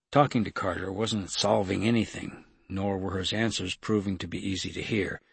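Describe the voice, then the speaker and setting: A man reading an audiobook as narrator, in a steady, measured storytelling manner. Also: sits low, creaky, husky, no echo. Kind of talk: scripted narration.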